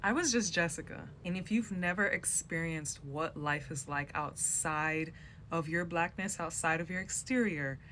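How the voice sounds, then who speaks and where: A woman's voice: sits low, moderate pace, a bit bright, slight background noise. A woman from the United States giving a heartfelt, emphatic personal testimony.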